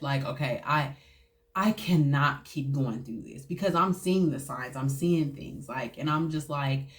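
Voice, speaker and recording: A woman, telling her own story in a candid, halting way with many fillers and restarts. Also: very deep voice. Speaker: host. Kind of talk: personal storytelling to camera.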